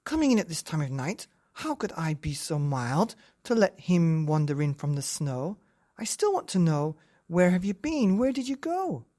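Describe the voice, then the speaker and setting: Fierce, proud Gruffalo mother, a man doing her voice, raised and shrill; storybook. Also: lively intonation, moderate pace, darkish tone. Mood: scolding. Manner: scolding, boastful.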